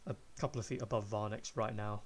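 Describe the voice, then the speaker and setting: A man running a tabletop game as game master, describing the scene at an unhurried pace. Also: lowish voice, little pitch movement, a little hiss or hum.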